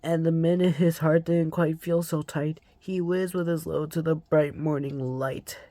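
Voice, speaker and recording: A channel host slowly reading a storybook aloud, emotional about the story. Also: medium pitch, steady tone, mellow, no room sound.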